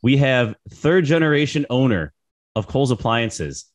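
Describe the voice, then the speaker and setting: A man in his thirties co-hosting a podcast, slightly hoarse, chatting in a relaxed way and often repeating words. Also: mid-range voice, unhurried. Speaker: podcast co-host. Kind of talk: casual podcast chat.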